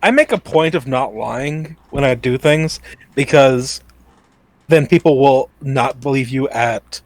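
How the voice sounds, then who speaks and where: A man's voice: mid-range voice, measured pace, dry recording. A man co-hosting a podcast, adding wry comments in casual chat. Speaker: podcast co-host.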